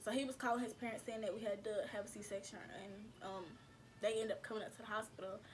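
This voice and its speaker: A woman's voice: mid-range voice, steady tone, fast talker, slight background noise. A woman vlogger casually telling her viewers a personal story, chatty and slangy, calling them y'all.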